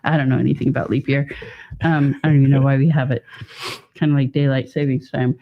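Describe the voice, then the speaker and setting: A man's voice: medium pitch, level tone, quick pace. Chatty man on a lo-fi stream. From Northern California. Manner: rambling, chatty, laughs often. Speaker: podcast co-host. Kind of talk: casual chat. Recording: dull lo-fi stream audio.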